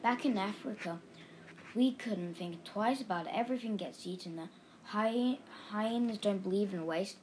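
A woman's voice: mid-range voice, normal speed, a little mellow, a little hiss or hum, lightly acted. A woman voicing a boisterous, homesick father hyena in a storybook reading, speaking emphatically. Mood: boastful.

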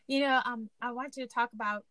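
A woman's voice: on the high side, steady tone, fast, sharp tone, dry recording. A woman hosting a casual interview, talking in a chatty, rambling way with many fillers. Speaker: podcast host.

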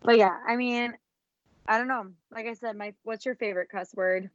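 A woman's voice: fairly high pitch, steady tone, normal speed, dry recording, lo-fi sound. A woman in her thirties co-hosting a podcast, chatting casually and frankly, swearing freely. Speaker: podcast co-host. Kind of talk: casual chat.

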